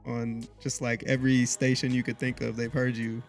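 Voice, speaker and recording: A male podcast host talks in a loose, slangy, admiring way with his guest. His voice is gravelly with a fry and stays fairly level in pitch, and faint music sits under it. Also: monotone, moderate pace, hardly any pauses. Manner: casual, hype slang, admiring. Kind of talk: casual interview chat.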